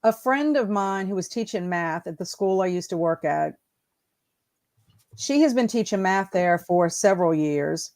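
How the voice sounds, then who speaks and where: A woman in her fifties, an educator, chatting on a video call as an animated storyteller who laughs often and acts out exchanges. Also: lowish voice, measured pace. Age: 50s. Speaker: school proctor and educator. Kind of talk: casual video call chat.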